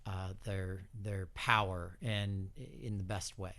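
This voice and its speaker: A man hosts a relaxed radio interview and keeps the chat moving. He sounds eager and encouraging. His voice is fairly low. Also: slow. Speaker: radio host.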